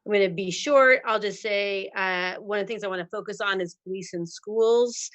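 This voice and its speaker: A woman making a short, halting public comment at a council meeting over a remote line. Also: mid-range voice, fairly bright tone, no room sound, rough recording. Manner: brief, plain, many "um"s. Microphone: remote call-in.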